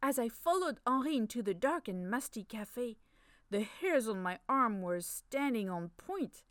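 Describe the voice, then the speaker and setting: A woman narrating a story in the first person, expressive, slipping in playful French phrases. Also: on the high side, measured pace, dry recording, clean studio sound.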